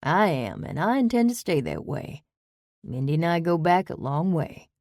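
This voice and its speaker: A woman voicing a charming, laid-back male chef with a slow, courtly Southern drawl in an audiobook. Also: on the low side, big pitch swings, darkish tone, no echo, clean studio sound. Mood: easy charm. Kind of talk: audiobook character voice.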